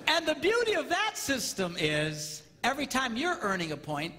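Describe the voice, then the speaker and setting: Lively man joking on a stage. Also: very high voice, normal speed. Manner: animated, jokey, acts out spouses' reactions. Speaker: marriage seminar speaker. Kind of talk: comedic live seminar talk. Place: large hall with live audience. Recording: reverberant hall with audience noise.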